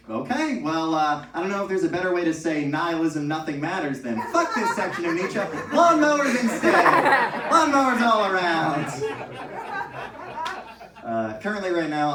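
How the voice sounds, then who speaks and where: A young man performing a stand-up set, telling stories animatedly with exaggerated impressions of his professors. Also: fairly high pitch. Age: young adult. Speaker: stand-up comedian. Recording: echoey room, from far off.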